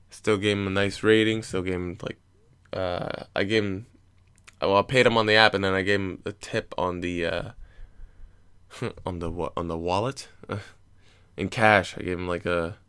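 Low, smooth-voiced rambling storyteller man. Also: fairly even intonation, moderate pace, fairly bright tone. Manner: rambling, profane, laughs at own jokes. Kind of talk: casual comic storytelling.

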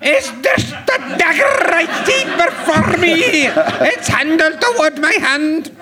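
A man in his forties putting on a silly regional accent to declaim a Shakespeare line loudly. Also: very high-pitched, lively intonation, slow, over a noisy crowd, very noisy, pitched above the performer's own voice, full character voice. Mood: hammy. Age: 40s. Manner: loud, hammy declamation.

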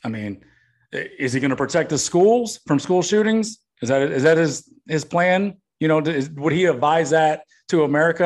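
A man's voice: a little high, animated, normal speed, darkish tone. A man hosting a podcast, ranting bluntly about politics and swearing often. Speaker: podcast host. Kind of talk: political rant.

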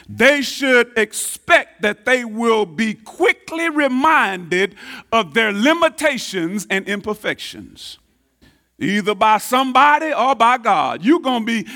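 A preacher delivers a sermon in a strikingly high, lively voice. He swings from booming emphasis down to hushed asides and drives his points home by repeating key phrases. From Texas, United States. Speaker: pastor.

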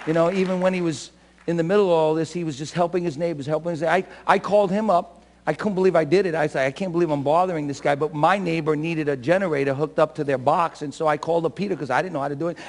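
A pastor preaching a sermon with fervor, swinging from soft talk to shouting. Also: male voice, fairly high pitch, long reverb tail. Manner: self-described shouter and crier. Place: church sanctuary.

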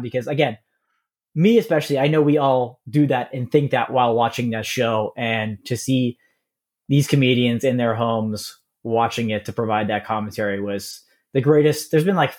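A man co-hosting a podcast in casual chat. He talks in a relaxed way, clearly enthusiastic, and often pauses to think before going on. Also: mid-range voice. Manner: enthusiastic, relaxed, frequent "uh" fillers. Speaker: podcast co-host.

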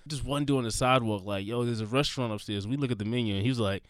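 A man's voice: mid-range voice, very fast, no echo, clean studio sound. A young man casually telling a travel story, loose and profane, often laughing as he talks.

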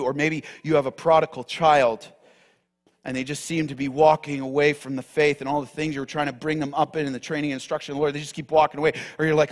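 A fairly high-voiced man delivers an impassioned sermon. He moves between loud declarations and soft, almost whispered appeals to his congregation. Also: steady tone, fast, long reverb tail. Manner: passionate preaching, swings from loud declarations to hushed near-whispers. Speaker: pastor.

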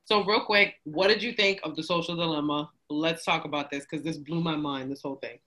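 A woman hosting a podcast in a casual chat, bubbly and quick to laugh, wired from coffee. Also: low-pitched, steady tone, fairly bright tone. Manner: bubbly, laughs often, jokey. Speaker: podcast host.

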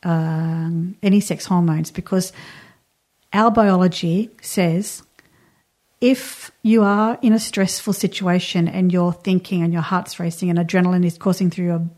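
A woman's voice: lowish voice, fairly even intonation, a little slow, darkish tone. A woman giving earnest wellbeing and astrology advice, speaking straight to the listener in casual chat.

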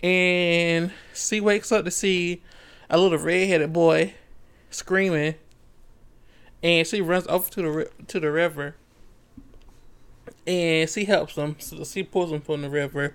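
A man's voice: a little high, fairly even intonation, a little slow, long pauses, fairly bright tone, clean tone. A man co-hosting a book club podcast, recapping a novel in loose, profane casual chat and acting out the characters' lines, laughing easily.

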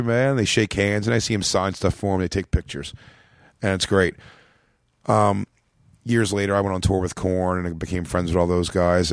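A low-voiced American man, a comedian, tells a long story on a casual podcast. He rambles, swears freely, and bumps his voice up when he quotes people. The sound is dry and close. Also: no room sound. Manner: rambling, profane, acts out quotes in a raised voice.

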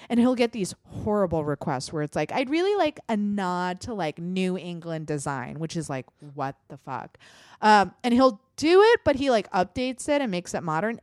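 A woman's voice: medium pitch, a little mellow, no echo, clean studio sound. A woman hosting a podcast in casual chat, ranting emphatically and swearing often. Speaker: podcast host.

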